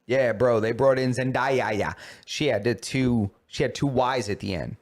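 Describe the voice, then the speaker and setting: A man's voice: mid-range voice, moderate pace, slight background noise. Slangy man in blunt podcast banter. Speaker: podcast co-host. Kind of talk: casual chat.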